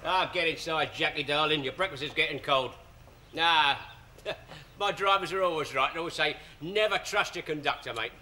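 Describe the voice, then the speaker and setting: An actor playing a cheeky working-class bus driver, hearty and jokey in a 1960s studio sitcom. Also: male voice, fairly high pitch, moderate pace, pushed and bright. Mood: sarcastic. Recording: hissy old 1960s TV recording.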